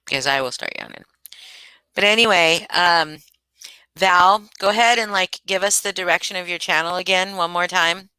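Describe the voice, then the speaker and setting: A woman's voice: on the low side, fairly even intonation, normal speed, bright, forceful tone, clear, resonant tone, no echo, poor audio. A woman hosting a livestream from home, chatting casually with viewers by name. She is sleepy and yawning, and her talk rambles. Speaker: livestream host.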